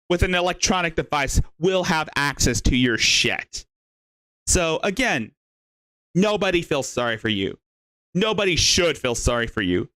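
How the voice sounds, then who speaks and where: A man's voice: high-pitched, a bit bright, no room sound. A man hosting a show, giving scornful, lecturing commentary on a clip. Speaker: host.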